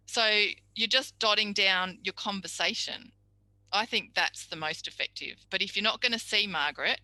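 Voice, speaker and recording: Bright, chatty woman tutor. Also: mid-range voice, no room sound, rough recording. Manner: chatty, practical, acts out little quoted exchanges. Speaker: speech pathology tutor. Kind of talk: recorded tutorial lecture.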